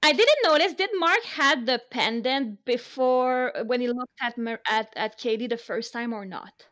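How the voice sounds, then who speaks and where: A woman co-hosting a casual TV recap chat, animated and quick to laugh and swear. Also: a little high. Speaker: podcast co-host.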